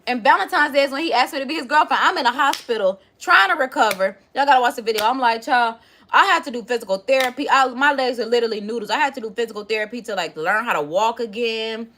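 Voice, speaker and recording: A woman's voice: a little high, quick pace, a little hiss or hum. A young woman vlogger telling a personal story casually and expressively, talking straight to her viewers. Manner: expressive, chatty, addresses viewers directly. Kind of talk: casual storytime to a live chat.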